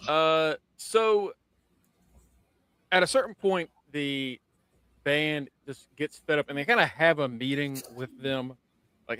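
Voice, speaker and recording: A man's voice: fairly high pitch, slow pace, long pauses, sharp tone, clean tone, no echo. A man co-hosting a podcast, recapping an episode in laid-back casual chat. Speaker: podcast co-host.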